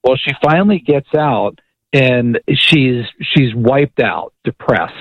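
A man's voice: medium pitch, takes it slowly, dry recording, lo-fi sound. A male guest author on a radio interview, telling a long story with lots of repeats and acted-out quotes. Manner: animated storyteller, acts out quotes, frequent repeats.

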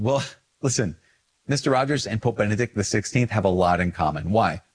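Lowish husky priest guy rambling in a video, pokes fun at himself, lots of um and like. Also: fairly quick. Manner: animated, self-mocking, rambling with fillers. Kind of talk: casual video talk to camera.

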